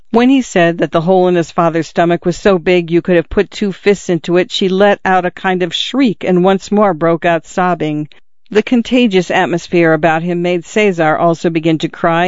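A man reading a novel aloud as narrator, in steady, measured storytelling, in a dull lo-fi recording. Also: sits high, clear, resonant tone, no room sound. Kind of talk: audiobook narration.

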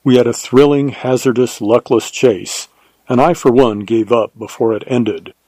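A man reading a first-person adventure story aloud in a measured, unhurried way. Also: mid-range voice, warm tone, dry recording, poor audio. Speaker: narrator. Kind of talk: scripted audiobook narration.

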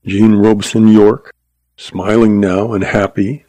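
A man in scripted narration, telling a western story at a steady pace. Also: lowish voice, slow pace, no echo, rough recording. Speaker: audiobook narrator.

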